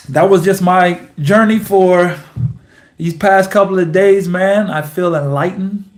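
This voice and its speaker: A young man giving a slow, earnest and repetitive personal vlog monologue as host of his basketball channel. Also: sits high, slight background noise.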